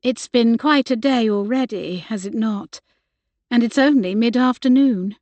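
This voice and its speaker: A woman narrator voicing an earnest, kind young woman who speaks gently and reassuringly. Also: on the high side, a little slow, no echo, lo-fi sound, lightly acted.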